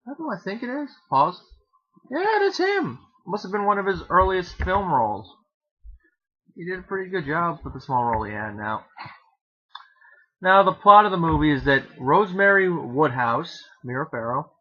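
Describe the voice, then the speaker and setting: Brief: male film reviewer, casual monologue, bright forceful tone, rambling and self-correcting, dull lo-fi recording. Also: fairly high pitch.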